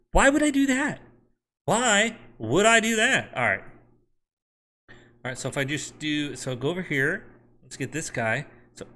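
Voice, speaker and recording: A software developer streaming his coding work, talking to his chat and to himself as he works. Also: a little high. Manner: talks to chat and himself while working. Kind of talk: live coding stream, thinking aloud.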